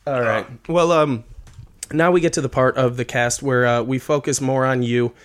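Male podcast host, hesitant improv, lots of ums, mid-pitched voice. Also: fairly even intonation, moderate pace. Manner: hesitant, full of ums and uhs. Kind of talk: improvised comedy scene.

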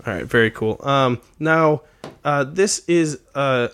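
A man's voice: medium pitch, slow, a bit bright, clean tone. A man hosting a comedy podcast, chatting casually with many fillers and frequent laughs. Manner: laughs often, filler-heavy segues. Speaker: podcast host.

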